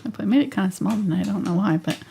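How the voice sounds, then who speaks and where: A woman's voice: medium pitch, expressive, racing, creaky, dark tone, a little hiss or hum. A woman hosting a live painting lesson, easygoing and laughing often as she chats. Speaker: painting instructor. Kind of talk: live painting stream chat.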